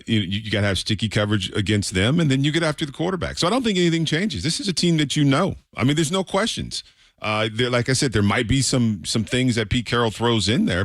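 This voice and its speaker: A man's voice: on the low side, no room sound, clean studio sound. A man co-hosting a sports show, breaking down a football game plan with emphatic repetition. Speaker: football analyst co-host. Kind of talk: casual sports analysis.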